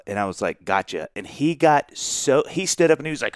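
A man co-hosting a podcast, telling a lively story in casual chat, acting out what others said and often laughing. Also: mid-range voice, brisk, hardly any pauses, dry recording, studio quality. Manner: animated storyteller, acts out quotes, laughs often. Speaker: podcast co-host.

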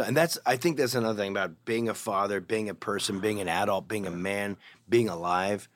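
A man's voice: lowish voice, brisk. A middle-aged man from Canada, a guest in an interview, telling a wild anecdote with heavy swearing and acting out other people's voices. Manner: profane, vivid storyteller who acts out other people's voices. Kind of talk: animated anecdote in casual interview.

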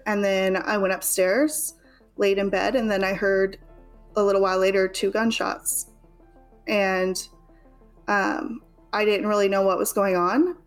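A young woman speaks as an interview guest. Her delivery is casual and halting, full of fillers as she tells her story. Faint music plays quietly underneath. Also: mid-range voice. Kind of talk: personal storytelling in conversation.

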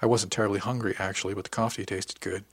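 A man narrating a first-person audiobook in an even, wry storytelling manner. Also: lowish voice, fast, breathy edge, no room sound.

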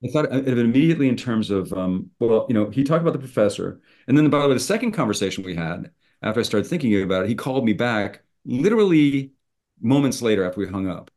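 A man's voice: medium pitch, sing-song, quick pace, darkish tone. A middle-aged man, a screenwriter, telling a story in conversation and acting out both sides of old phone calls. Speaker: screenwriter guest.

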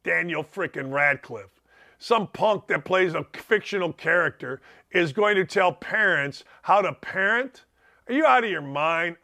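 A man's voice: high-pitched, sharp tone. A man hosting a podcast, giving a combative, sarcastic opinion monologue. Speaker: host.

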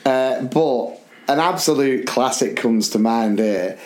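A man co-hosting a podcast, telling school stories in an animated, laughing way. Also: mid-range voice. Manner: animated, laughing, quick bursts. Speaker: podcast co-host, school teacher. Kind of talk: casual storytelling chat.

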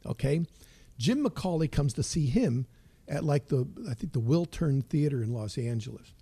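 A man's voice: fairly high pitch, animated, normal speed, warm tone, slightly rough. An older man, a comedian guest, telling stories in a rambling, stop-start way with many repeated words. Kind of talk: casual storytelling chat.

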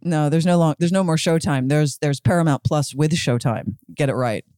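A woman co-hosting a podcast in casual chat, teasing and quick, swearing now and then. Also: low voice, dark tone, clear, resonant tone, no echo, studio quality. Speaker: podcast co-host.

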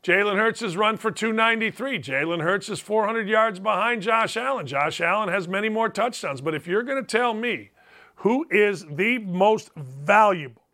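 A man hosting a sports talk show, arguing his case in an emphatic monologue. His voice sits high and bright. His pitch swings widely as he presses each point. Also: expressive, moderate pace, hardly any pauses. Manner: emphatic, argumentative, mock-quotes critics in a higher voice. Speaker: sports radio host.

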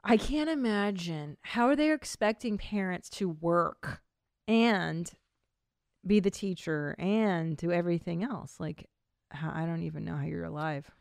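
A woman and comedian hosting a podcast in casual chat, reacting quickly, laughing often and swearing bluntly. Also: on the low side, vocal fry, a little mellow, no room sound, studio quality.

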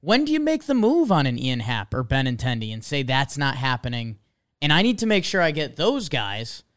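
A young man hosting a casual sports podcast, excitable and rambling, jumping between thoughts. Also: medium pitch, normal speed.

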